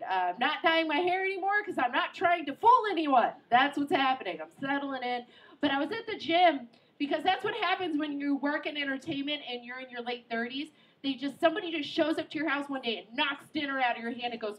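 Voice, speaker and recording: Brief: thirties woman comic, high voice, quick joking asides, hosting a live set. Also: low-quality recording. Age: 30s. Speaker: stand-up comedian and show host. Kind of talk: stand-up comedy. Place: outdoor comedy show on a pier. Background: audience.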